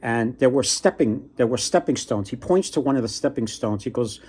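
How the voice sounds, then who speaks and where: A man's voice: expressive, fairly quick, few pauses, a little mellow, husky. Young man, booktuber telling a folktale off the cuff, loose and rambling. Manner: loose retelling with fillers and restarts, voices pitch up for quotes. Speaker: book vlogger retelling a folktale. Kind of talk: casual storytelling.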